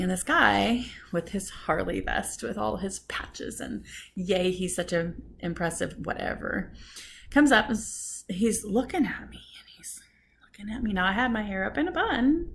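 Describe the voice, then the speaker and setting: A woman vlogging at home, telling an indignant story in a casual, animated way while doing her hair, often laughing. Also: medium pitch, normal speed, gravelly, a little hiss or hum. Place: at home after a shower. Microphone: camera at close range.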